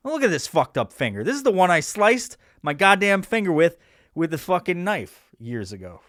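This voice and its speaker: A man's voice: high voice, very animated, moderate pace, a bit bright, dry recording, clean studio sound. A man hosting a podcast, rambling through a crude, sarcastic comedic monologue full of restarts. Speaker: podcast host.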